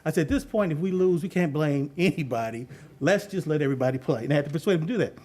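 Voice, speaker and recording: A middle-aged man with a high voice tells a story from coaching youth football. He is animated, laughs often and acts out the voices of the people in his story. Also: very fast. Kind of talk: storytelling talk on leadership.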